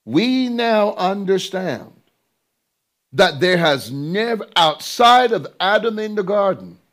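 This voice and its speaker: A man's voice: high voice, lively intonation, slow, a bit bright. A man preaching a sermon, emphatic and drawn out, repeating phrases and throwing rhetorical questions to his listeners.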